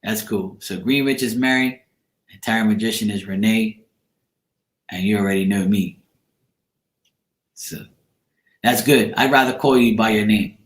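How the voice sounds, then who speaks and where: A man's voice: on the low side, unhurried, long pauses. Chatty man talking to his live chat. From Bermuda. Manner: rambling, chatty, answers chat comments by name. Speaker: tarot reader on a live stream. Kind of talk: casual chat with live viewers. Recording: echoey room.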